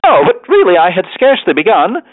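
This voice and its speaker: A man reading aloud and voicing a nervous, fussy young gentleman who is flustered and eager to please. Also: a little high, sing-song, a little fast, pitched above the performer's own voice. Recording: tinny dry radio broadcast.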